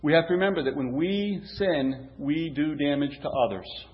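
A man's voice: a little high, normal speed. Man preaching with lots of rhetorical questions. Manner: conversational, rhetorical questions, frequent restarts. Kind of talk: sermon. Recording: roomy, dull, lo-fi with faint hum.

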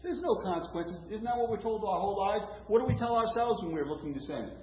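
Male preacher, slightly high voice, conversational sermon, echoey lo-fi recording with faint noise. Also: animated, fast. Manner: conversational, rhetorical questions, frequent restarts. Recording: roomy, dull, lo-fi with faint hum.

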